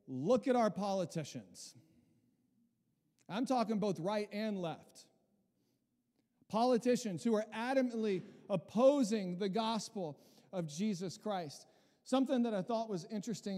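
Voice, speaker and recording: A man delivers a lively, conversational sermon, breaking off into asides for his congregation. His voice sits high for a man. The sound carries the long reverb of a large church hall. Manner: animated, conversational preaching with restarts and asides. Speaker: pastor.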